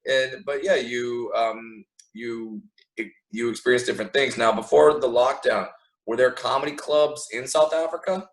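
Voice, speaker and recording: Animated American man, casual chat. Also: mid-range voice, moderate pace, rough recording. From United States. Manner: animated, acts out quoted voices, frequent restarts. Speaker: guest comedian. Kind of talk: casual podcast conversation.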